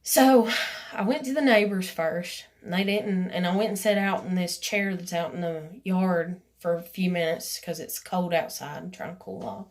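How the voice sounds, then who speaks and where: A woman with a lowish voice talks at a normal speed, casually telling a personal story in a rambling vlog. She fills it with "you know" and "like" and acts out what other people said.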